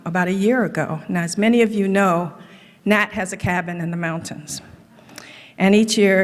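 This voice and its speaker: A middle-aged woman with a lowish voice gives a humorous tribute speech, spinning stories with deadpan running jokes. Her voice rings with a long reverb off a large hall. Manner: storytelling with dry running jokes. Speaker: colleague giving a tribute speech.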